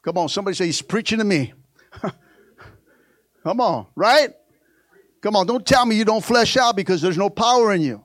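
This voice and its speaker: High-voiced man preaching. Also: animated, normal speed, pauses often, no echo. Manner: playful, call-and-response preaching; acts out quoted prayers and dialogue. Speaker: pastor. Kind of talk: sermon.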